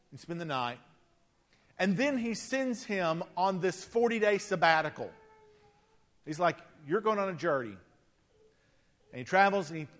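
A man's voice: sits high, fairly bright tone. A male pastor preaching a conversational sermon, often repeating words as he starts a phrase.

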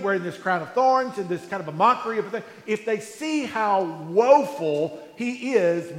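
A male pastor preaching a sermon in a conversational way, asking rhetorical questions and restarting his phrases. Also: sits high. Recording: echoey hall.

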